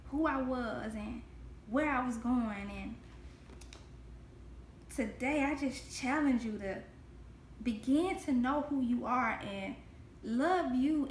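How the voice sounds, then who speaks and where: A woman's voice: high-pitched, slight background noise. A woman giving a spoken Christian devotional to camera, earnest and heartfelt, repeating phrases for emphasis. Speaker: devotional host. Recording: echoey room.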